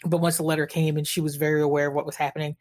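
A woman's voice: low-pitched, flat delivery, very fast, darkish tone. A woman co-hosting a casual book discussion podcast, retelling scenes with quoted dialogue. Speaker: podcast co-host.

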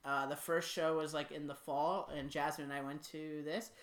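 A woman co-hosting a podcast, chatting casually and teasing her co-host with quick asides. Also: deep voice, level tone. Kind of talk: casual chat.

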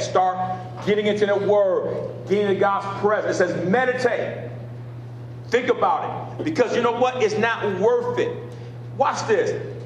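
A man's voice: high-pitched, very echoey, slight background noise, rough recording. A man preaching as a pastor, repeating phrases and drawing responses from listeners. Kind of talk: sermon teaching.

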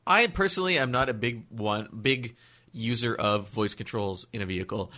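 A man from Quebec hosts a casual car podcast, with a bright, forward voice. He keeps things brisk, putting questions and nudging the talk onward. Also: on the low side. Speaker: podcast host.

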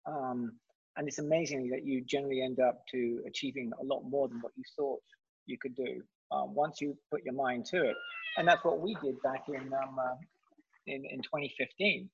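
Gravelly, husky man telling his story. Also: mid-range voice, fairly even intonation. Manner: halting, repeats words, storytelling. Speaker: guest. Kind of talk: casual interview talk. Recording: dull muffled audio.

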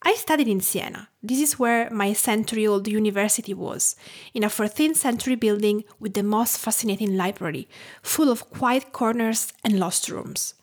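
A woman's voice: mid-range voice, normal speed. A woman in her thirties from Tuscany with an Italian accent, narrating her food podcast in a reflective storytelling way. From Tuscany, Italy. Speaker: podcast host.

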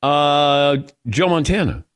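A man's voice: a little high, expressive, slow pace, clear, resonant tone. A man hosting a sports talk radio show, laughing often and arguing back and forth with his co-hosts.

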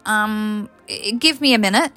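A woman's voice: mid-range voice, a little slow, sharp tone, faint music behind. A woman reading the lines of a flustered, defensive young man in a storybook. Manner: sputtering, defensive.

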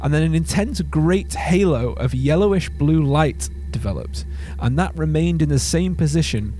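A man's voice: a little high, animated, normal speed, warm tone, soft background music. A man hosting a podcast, telling a story in casual chat, laughing often and restarting words. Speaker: podcast host.

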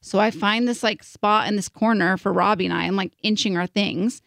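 A young woman co-hosting a podcast, telling a story in an animated, casual way with lots of "like". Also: medium pitch, normal speed, vocal fry, no room sound, clean studio sound. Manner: animated, filler-heavy storytelling with "like". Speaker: podcast co-host.

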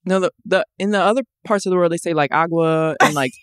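A woman co-hosting a podcast in casual chat, animated, laughing often and repeating herself. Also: lowish voice, quick pace, no echo, studio quality. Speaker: podcast co-host.

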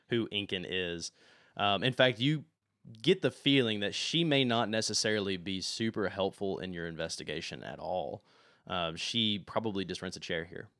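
A young man running a tabletop game as game master, narrating in a relaxed way with many fillers. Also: fairly low pitch, no room sound, studio quality.

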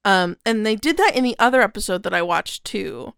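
A female podcast co-host chatting casually, hedging and restarting as she works through her thoughts. Her voice is smooth and clear, and the close mic leaves no room sound. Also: mid-range voice, lively intonation, fairly quick, a bit bright, no echo. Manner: hesitant, restarts often. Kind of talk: casual chat.

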